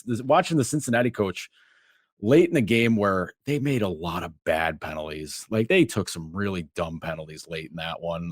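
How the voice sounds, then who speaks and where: A man's voice: lowish voice, dry recording. Guy rambling about football on a podcast, voice jumps all over, dry close mic. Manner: animated, acts out quotes, many restarts. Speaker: guest writer and podcaster. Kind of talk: casual sports chat.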